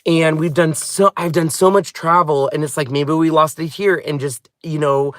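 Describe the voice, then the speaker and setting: A man's voice: on the high side, fairly even intonation, normal speed, no echo, studio quality. A man hosting a craft channel, chatting casually and heartfeltly from inside a car, often drifting off on tangents. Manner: rambling, heartfelt, wanders off on tangents. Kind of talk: casual vlog chat.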